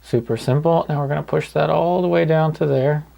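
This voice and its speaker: A man calmly talking through each step of a painting lesson in an easygoing way. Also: a little high, fairly quick, gravelly. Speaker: painting instructor. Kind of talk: paint-along tutorial narration.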